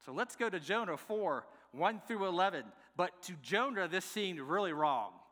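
A man preaching a sermon in a casual, animated way, acting out scripture, recorded in a church sanctuary. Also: high-pitched, normal speed. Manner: animated, conversational, acts out scripture. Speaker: pastor. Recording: long echoing hall reverb.

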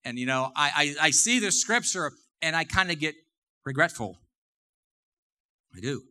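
A middle-aged man with a very bright, somewhat high voice, preaching to his congregation. He talks in a relaxed, conversational way, repeats his phrases, and pushes his voice up when he stresses a point. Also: normal speed, clean tone. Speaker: pastor. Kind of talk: sermon. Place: church.

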